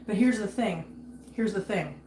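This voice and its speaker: A woman's voice: medium pitch, expressive, moderate pace, mellow, slight background noise. A woman hosting a casual livestream, ranting angrily and greeting viewers by name between outbursts. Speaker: livestream host. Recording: echoey room with faint ambience.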